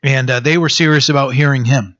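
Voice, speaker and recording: A man preaching a sermon in a halting way, with many fillers and restarts. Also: mid-range voice, steady tone, fairly bright tone, dull audio. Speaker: pastor.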